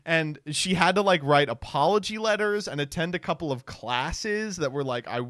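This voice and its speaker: A young man telling a rambling story on a livestream, sarcastic and quick to laugh, jumping into quoted voices. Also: on the high side, expressive, fairly bright tone, dry recording, clean studio sound. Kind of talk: casual storytelling on stream.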